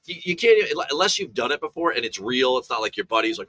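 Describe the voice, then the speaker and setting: A man's voice: medium pitch, big pitch swings, fast talker, bright, forceful tone, breathy edge, no room sound. A man analyzing golf for betting in a casual chat, telling rambling stories full of restarts and asides.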